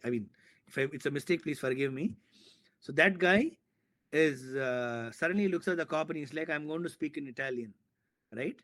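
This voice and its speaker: A man, a filmmaker from India, talking in an interview and excitedly retelling a film scene with sound effects and repetition. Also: medium pitch. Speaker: filmmaker guest. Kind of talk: animated storytelling in an interview.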